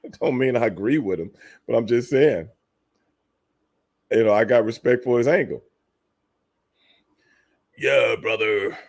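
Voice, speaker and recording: A former wrestler hosting a casual livestream talks bluntly and profanely to viewers, calling them by name and laughing often. His mid-range voice is creaky and a little slow, with frequent pauses.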